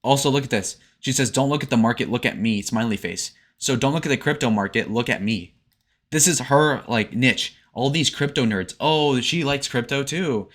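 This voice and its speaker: Sarcastic young man with a bright voice. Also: medium pitch, normal speed. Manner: crude, sarcastic, filler-heavy with "like". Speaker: online commentator. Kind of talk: casual reaction commentary.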